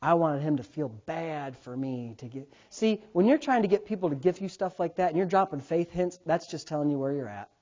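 A male pastor in his thirties preaches with a storyteller's energy. He drops to near-murmurs for asides, then jumps up loud and high while acting out the people in his stories. The recording sounds somewhat dull and lo-fi. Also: fairly quick, hardly any pauses. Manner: storytelling, animated swings from quiet asides to loud, laughing bursts. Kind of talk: sermon.

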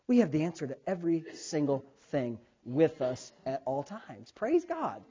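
A man's voice: on the high side, moderate pace, slightly rough. A man in his thirties preaching a sermon as a pastor, acting out voices and calling on the congregation to answer. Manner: animated preaching, acts out God's voice and calls for responses. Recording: dull lo-fi sound.

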